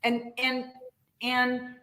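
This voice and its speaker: A woman co-hosting a podcast, animated and casually swearing. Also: sits high, extremely slow, reverberant. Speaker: podcast co-host.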